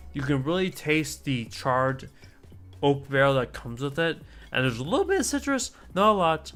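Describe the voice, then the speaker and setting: A man's voice: mid-range voice, a bit bright, smooth. A man streaming a casual chat, talking in a rambling, chatty way with asides and mild swearing.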